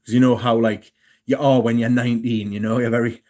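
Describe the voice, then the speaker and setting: A man's voice: mid-range voice, little pitch movement, fairly quick, darkish tone. A man in his thirties hosting a livestream, rambling and swearing as he chats with viewers. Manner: rambling and profane, answers chat questions. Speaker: livestream host. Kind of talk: casual chat with viewers.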